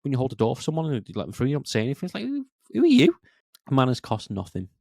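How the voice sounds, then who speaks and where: A man co-hosting a podcast in casual chat, animated and acting out quoted remarks in a raised voice. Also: mid-range voice, racing, vocal fry, no room sound, clean studio sound. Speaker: podcast co-host.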